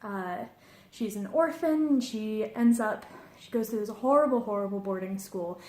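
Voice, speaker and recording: A woman's voice: medium pitch, moderate pace, a little mellow. Young woman, book vlogger, gushing, fangirling, laughs often, roomy echo. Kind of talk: enthusiastic book recommendations.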